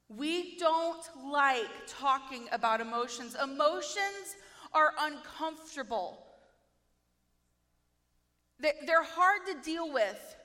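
A woman preaching a sermon in a playful, self-mocking, animated way. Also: high-pitched, in a large hall.

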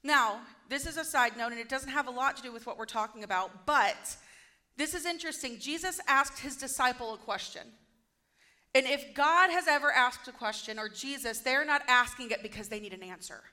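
A woman preacher with a high, bright voice gives a chatty, story-driven sermon. She acts out the quoted lines with quick little character voices, keeping her tone easy and conversational throughout.

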